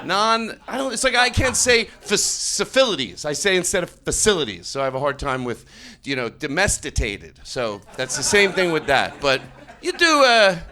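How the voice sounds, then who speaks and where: A man's voice: fairly high pitch, sing-song, moderate pace, a crowd in the background. A man with a Philadelphia accent doing improvised stand-up on a club stage, rambling in a mock-earnest way and cutting himself off mid-thought. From Philadelphia, USA. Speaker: stand-up comedian.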